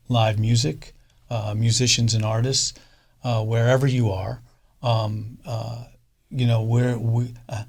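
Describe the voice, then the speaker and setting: Flat-voiced man, halting with fillers. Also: mid-range voice. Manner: halting, many fillers and restarts. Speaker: fund co-founder, interview guest. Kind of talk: casual interview.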